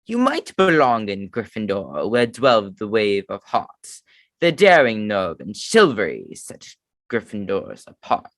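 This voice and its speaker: A man voicing the boastful old magical Sorting Hat, reciting a rhyming poem in a put-on British accent, with lively ups and downs. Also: fairly low pitch, measured pace, dry recording, voice pushed down, full character voice.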